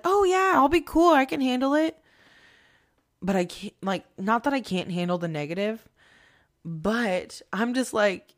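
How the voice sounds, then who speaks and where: A woman hosting a podcast as a spiritual medium, talking in a rambling, casual monologue with lots of swearing and self-mocking asides. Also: mid-range voice.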